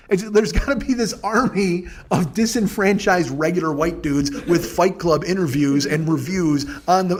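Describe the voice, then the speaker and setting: A man in his forties hosting a podcast, ranting with lots of swearing, rambling with restarts and self-deprecating laughter. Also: sits high. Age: 40s. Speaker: podcast host. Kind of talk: casual comedic monologue.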